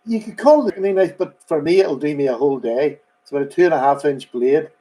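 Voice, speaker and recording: A man's voice: a little high, fast talker, warm tone, low-quality recording. A man hosting a casual live stream, rambling chattily and greeting viewers by name. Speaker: host.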